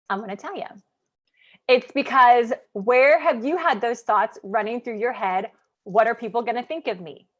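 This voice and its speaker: A business coach from Kansas in her thirties, with a higher voice, talks casually to her livestream viewers. Chatty and animated, she tells a personal story and scatters "like" throughout her sentences.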